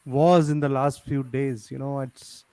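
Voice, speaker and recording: A man's voice: medium pitch, little pitch movement, unhurried, clear, resonant tone, no room sound, low-quality recording. A man hosting a live session, speaking fondly of a friend they shared and filling his talk with "you know". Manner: warm, effusive, with many "you know" fillers.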